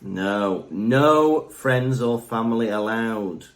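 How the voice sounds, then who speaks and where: Lively, rambling young man co-host. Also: lowish voice, slow pace. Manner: jokey, rambling, lively storytelling. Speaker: podcast co-host. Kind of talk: casual chat.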